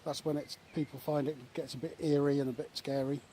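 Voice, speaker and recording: A man talking casually in a relaxed, chatty way with many fillers, filming a vlog at a woodland camp outdoors. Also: on the high side, brisk. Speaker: vlogger. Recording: outdoor recording with faint nature noise.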